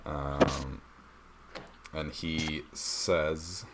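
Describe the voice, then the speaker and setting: A man's voice: a bass voice, steady tone, very slow, background noise. A young man narrating as dungeon master of a tabletop game, hesitant with many fillers. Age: young adult.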